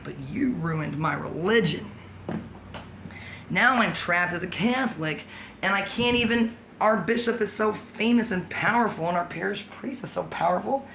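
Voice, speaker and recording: A woman's voice: lowish voice, expressive, moderate pace, a bit bright. A woman in a rambling vlog monologue, free-associating and jumping from thought to thought, often laughing as she talks. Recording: background noise.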